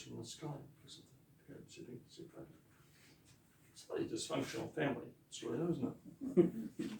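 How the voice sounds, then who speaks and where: A man, a pastor teaching te reo Māori in a chatty lesson, with laughing asides and slow repeated words to drill pronunciation. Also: medium pitch, vocal fry, darkish tone, recorded from a distance. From New Zealand. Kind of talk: informal language lesson. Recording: echoey room, voice off mic.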